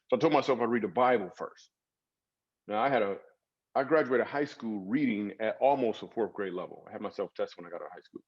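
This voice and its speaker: A man, a comedian guest in an interview, telling stories in a lively comic way with acted asides. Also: fairly low pitch, quick pace, husky, lo-fi sound. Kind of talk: storytelling interview talk.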